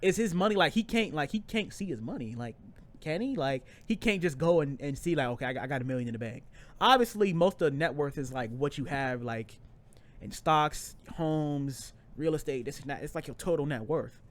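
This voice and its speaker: A man's voice: fairly high pitch, expressive, normal speed. A young man co-hosting a podcast, talking in slangy casual chat with lots of repeats and restarts. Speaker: podcast co-host.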